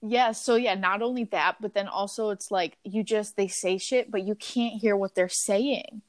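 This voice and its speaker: Young woman, casual podcast host, animated and sweary, dry close mic. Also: mid-range voice, moderate pace, no room sound. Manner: animated storytelling with frequent fillers. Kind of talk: casual chat.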